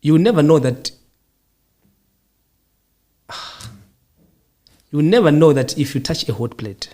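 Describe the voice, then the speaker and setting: A man's voice: a little high, expressive, unhurried, dark tone. A man hosting a podcast, answering questions in a reflective way, with short repeated statements. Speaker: podcast host. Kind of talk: casual interview answers.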